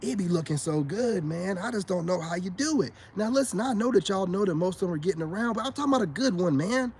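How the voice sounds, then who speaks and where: A man with a high-sitting, mellow voice talks quickly and with lively intonation over a slight hiss or hum. He's a self-styled spiritual advice vlogger delivering a casual monologue to camera, boasting and preaching, calling his viewers brothers and repeating his points.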